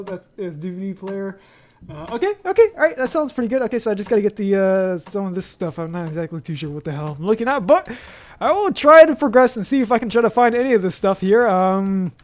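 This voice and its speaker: Rambling young man narrating his gameplay. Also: sits high. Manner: rambling, self-talking, swears mildly, frequent fillers and restarts. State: hot and sweating in a costume. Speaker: gaming YouTuber. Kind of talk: casual let's-play commentary. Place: hot bedroom.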